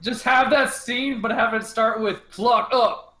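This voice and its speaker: A person chatting on a stream, making wry, deadpan jokes. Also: medium pitch, measured pace, echoey room, noisy background. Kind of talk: casual group chat.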